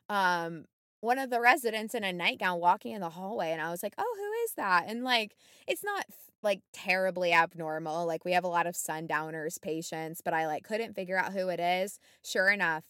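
A woman co-hosting a podcast, telling a story in a casual, animated way with lots of fillers, and acting out what people said. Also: lowish voice, clean tone, dry recording, studio quality. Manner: animated, many fillers, acts out quotes. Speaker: podcast co-host.

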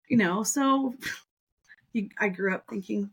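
A middle-aged woman in casual podcast chat, expressive and laughing often, acting out quoted voices. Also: medium pitch, a little slow, husky. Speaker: podcast co-host.

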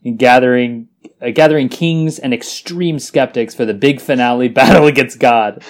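A man co-hosting a podcast, joking in casual chat about scripture with deadpan sarcasm and frequent laughter. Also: medium pitch, normal speed. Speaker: podcast co-host.

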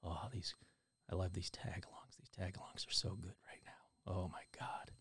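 A man's voice: low voice, level tone, moderate pace, fairly bright tone, voice pushed down, heavily acted. A man doing a creepy whispered role-play voice. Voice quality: breathy unvoiced whisper. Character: creepy whispering man in an ASMR cookie-eating bit.

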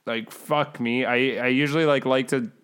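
A man's voice: mid-range voice, normal speed, smooth. A man co-hosting a podcast who jokes and laughs a lot in casual chat. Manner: lively, laughing, joking. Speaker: podcast co-host.

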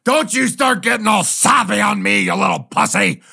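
A gravelly, shouty drunk dwarf. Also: male voice, fairly high pitch, very animated, a little slow, heavily acted. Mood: angry shout. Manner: rowdy, shouting, crude. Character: drunk crude loudmouth male dwarf. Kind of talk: improvised comedy podcast role-play.

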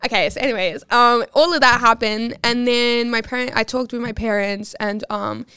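A woman in her twenties chats as a podcast guest, telling her stories with dramatic flair and a steady stream of "like." Her voice sits a little high and comes through smooth and clear. The sound is dry, with no room echo. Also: normal speed. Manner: animated, dramatic storytelling full of "like". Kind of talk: casual chat.

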